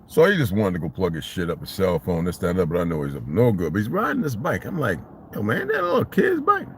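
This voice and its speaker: A man telling a story in a casual vlog monologue, animated and profane, in street slang. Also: low voice, fast talker, slight background noise. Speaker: vlogger.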